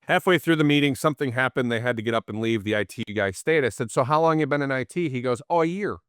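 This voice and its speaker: A man's voice: mid-range voice, fast, clean tone, no echo, clean studio sound. A man, the guest in a casual interview, tells anecdotes and acts out the people in them. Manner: animated storyteller, acts out quoted people.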